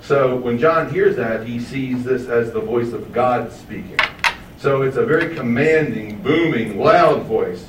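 A man's voice: mid-range voice, noisy background. Man preaching a sermon in an echoey hall. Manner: asks the audience questions, stretches key words slowly for emphasis. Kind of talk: sermon, verse-by-verse Bible teaching. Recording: echoey, distant room mic with faint ambience.

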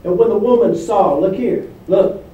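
A man's voice: high voice, normal speed, muffled recording. A man preaching a sermon as pastor, reading scripture aloud and asking the congregation questions. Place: church hall. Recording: echoey hall, voice from far off.

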